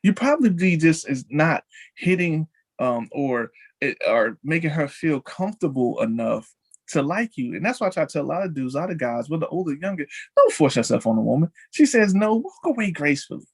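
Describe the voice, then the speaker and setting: A man hosting a casual celebrity chat show, talking in an animated way and leaping high in pitch when excited. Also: a little fast, slightly rough. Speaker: show host.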